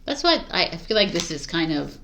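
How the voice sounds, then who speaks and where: A woman's voice: lowish voice, very animated, fairly quick, pushed and bright, a little hiss or hum. A woman giving a casual, chatty tarot reading to camera, giggling often and using many fillers, with a morning voice. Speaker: tarot reader.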